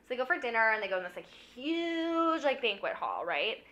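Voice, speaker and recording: Bright-voiced drunk young woman rambling. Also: a little high, very animated, moderate pace, dull audio. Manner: rambling, fills every phrase with "like". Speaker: film recapper. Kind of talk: rambling comic movie recap.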